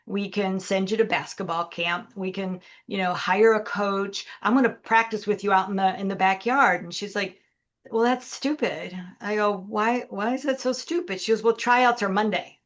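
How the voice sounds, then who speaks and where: A woman's voice: mid-range voice, steady tone, moderate pace, few pauses, fairly bright tone. A middle-aged woman, a leadership coach, telling a story as a podcast guest and acting out the dialogue. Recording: dull lo-fi audio.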